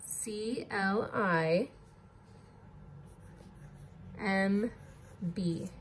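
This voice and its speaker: A woman's voice: medium pitch, very slow, slight background noise. A woman teacher leading a recorded distance-learning lesson, patiently spelling words letter by letter.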